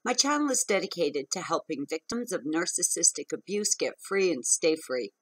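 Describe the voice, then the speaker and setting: A woman's voice: lowish voice, expressive, moderate pace, fairly bright tone, husky, poor audio. A woman vlogger telling her own story of an abusive relationship, frank, emphatic and profane. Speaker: vlogger on narcissistic abuse. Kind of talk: candid personal storytelling to camera.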